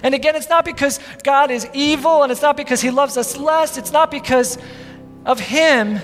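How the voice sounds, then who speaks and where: A man with a very high voice preaches in a church, pressing the point with rhetorical questions and acting out the scenes he describes. His voice rings through a long, reverberant hall, with soft music playing underneath. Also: moderate pace. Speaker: pastor. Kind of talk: sermon.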